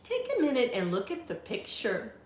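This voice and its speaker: A woman reading a picture book aloud to children as a teacher, slow and expressive, stopping to ask them questions. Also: fairly high pitch, slight background noise. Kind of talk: read-aloud storytime for children. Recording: echoey room.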